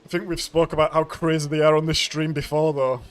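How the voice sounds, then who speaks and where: A man's voice: fairly high pitch, flat delivery, a little fast. A young man from Bradford, chatting casually and rambling as he streams a racing game, laughing often. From Bradford, England. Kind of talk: casual live-stream chat.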